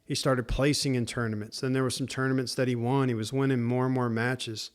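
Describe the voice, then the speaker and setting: A man's voice: medium pitch, little pitch movement, brisk, clear, resonant tone. A middle-aged man hosting a podcast who gives fathers faith-based encouragement. He is earnest and emphatic and talks to listeners directly as "man" and "guys". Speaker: podcast host.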